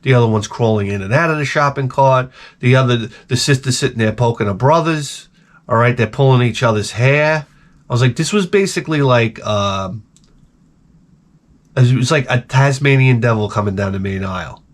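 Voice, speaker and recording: A man telling stories in a casual, profane monologue, animated and acting out the people he quotes. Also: mid-range voice, moderate pace. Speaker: video creator.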